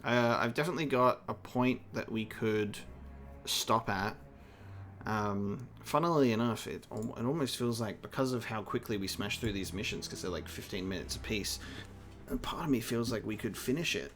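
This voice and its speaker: A man's voice: medium pitch, moderate pace, a bit bright, soft background music. A man with an Australian accent chatting casually while streaming a co-op game, laid-back and rambling with fillers. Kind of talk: casual co-op gaming chat.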